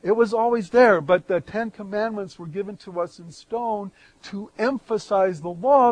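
A man's voice: high voice, normal speed, hardly any pauses, no room sound, poor audio. Emphatic man teaching Bible verses. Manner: reads scripture then explains it; emphatic swings in loudness. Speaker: preacher.

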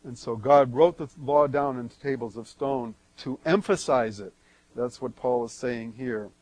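A man preaching verse by verse, reading scripture aloud and then explaining it, with strong swings between loud and soft. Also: medium pitch, measured pace, no echo, rough recording. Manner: emphatic swings in loudness. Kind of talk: verse-by-verse Bible teaching.

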